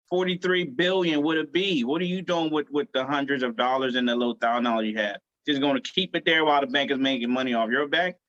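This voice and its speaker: A man's voice: a little high, fairly bright tone. Emphatic man, muffled audio. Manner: emphatic, preachy, with "man" at the end of phrases. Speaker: host. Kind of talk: casual chat.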